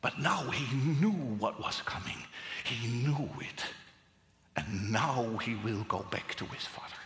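A man preaching a sermon, dropping to hushed whispers and rising to fervent cries. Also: mid-range voice, lively intonation, takes it slowly, slight background noise. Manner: dramatic swings between hushed whispers and raised cries. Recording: echoey hall with long reverb.

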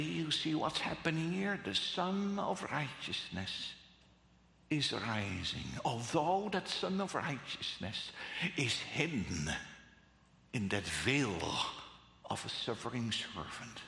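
A man preaching a sermon, dramatic and emphatic, swinging between loud and hushed delivery. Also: a little high, gravelly. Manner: slow and emphatic, with long pauses. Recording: echoey hall.

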